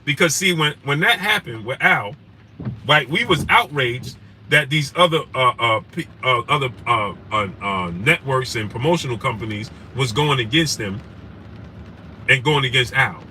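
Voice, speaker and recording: Heard through a distant mic with noticeable background noise, this sports show host speaks at normal speed in a mid-range, animated voice that sounds pushed and bright. The adult father and husband runs his live stream casually, greeting viewers by name and often tossing in "right?" with passion.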